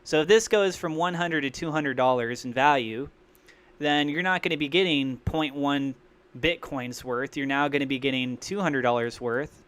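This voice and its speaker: A man hosting a crypto livestream, rambling and thinking out loud in an excitable way. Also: medium pitch, moderate pace, clear, resonant tone. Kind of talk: live-streamed crypto commentary.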